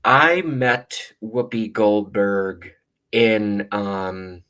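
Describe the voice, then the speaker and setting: A man's voice: on the low side, extremely slow, sharp tone. A man vlogging, telling a rambling story in a blunt, casual way with lots of fillers. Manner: rambling, blunt, swears often, many fillers. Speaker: vlogger reacting to videos.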